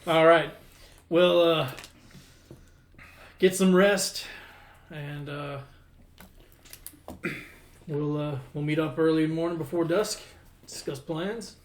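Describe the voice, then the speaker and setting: Man, game master, easygoing, slightly high voice, echoey room. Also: fairly even intonation, slow, pauses often. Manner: easygoing, laughs often, fillers. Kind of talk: running a tabletop game.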